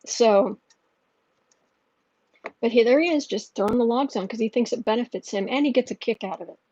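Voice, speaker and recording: A woman with a high-leaning, mellow voice speaks briskly as she hosts a tarot livestream, reading viewer questions aloud in a blunt, rambling, opinionated way. She is a tarot reader and channel host, and the dull lo-fi audio carries a little hiss or hum.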